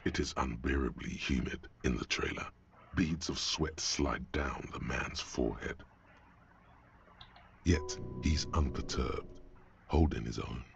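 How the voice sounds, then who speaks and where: Gravelly, ominous male narrator. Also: very deep voice, slight background noise, exaggerated voice. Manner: grave, measured. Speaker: game narrator. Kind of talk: scripted narration.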